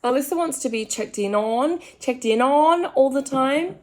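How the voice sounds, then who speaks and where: A woman's voice: sits high, expressive, moderate pace. A young woman with an Australian accent chatting frankly and rambling while she does her makeup at home. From Australian countryside. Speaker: makeup vlogger. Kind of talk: casual chatty commentary.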